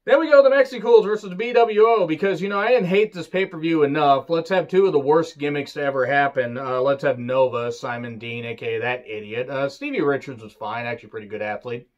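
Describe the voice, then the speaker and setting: This fairly high-pitched wrestling reviewer talks quickly with few pauses, and the highs in the audio are cut off. His review is casual and opinionated, full of ranting, swearing, sarcastic jokes and abrupt emphasis.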